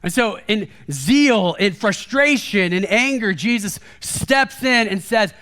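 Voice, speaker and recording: A man preaching a sermon in a casual, conversational way, animated and acting out quoted lines. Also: very high voice, a little slow, hardly any pauses. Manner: casual and chatty, peppered with "like" and "kind of"; animated, acts out quoted speech with a raised voice. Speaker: guest preacher. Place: church service.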